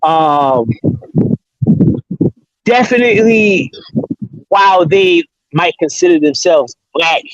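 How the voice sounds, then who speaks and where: A man weighs his answer slowly and hesitantly, with plenty of pauses and fillers. His voice sits a bit high. The sound is dry, close and somewhat dull, as if recorded on basic equipment. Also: no room sound. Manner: slow, hesitant, many "um" and "you know". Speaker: podcast guest. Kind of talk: casual chat.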